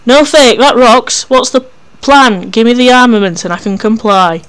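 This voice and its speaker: A reader voicing Necron, an excitable laid-back young male partner who talks in upbeat slang. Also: medium pitch, normal speed, smooth, close to an everyday voice. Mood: hyped.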